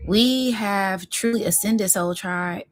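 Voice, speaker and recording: A woman hosting a spiritual reading vlog, talking in a slow, effusive and emotional way, close to tears of joy and calling her viewers y'all. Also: medium pitch. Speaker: spiritual reading channel host.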